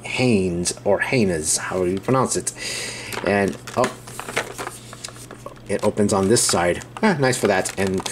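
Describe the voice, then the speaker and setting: Male unboxing host, low-pitched, casual and rambling, faint background hiss. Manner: rambling, hesitant, thinking aloud.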